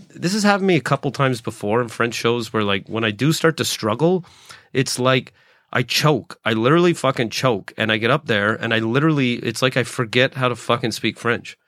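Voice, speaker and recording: A man's voice: medium pitch, fairly bright tone, no room sound, clean studio sound. Rambling, self-deprecating man in his late forties. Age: 40s. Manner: rambling, self-deprecating, swears often, restarts sentences. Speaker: podcast host, stand-up comedian. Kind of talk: casual solo podcast monologue.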